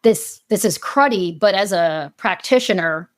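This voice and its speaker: A woman's voice: mid-range voice, expressive, unhurried, no echo, studio quality. A woman researcher talking animatedly as a podcast guest, often acting out the voices she quotes. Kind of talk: conversational podcast interview.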